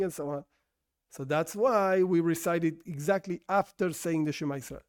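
A man's voice: on the high side, moderate pace. A man whose first language is not English, teaching an informal Torah lesson in a conversational way that corrects itself as he goes and asks and answers his own questions.

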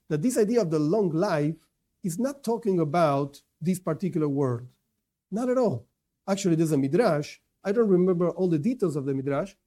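A Torah teacher, a man with a warm voice on the high side, delivers a religious lesson to non-Jews. His manner is emphatic, with frequent repetition and mid-sentence self-corrections.

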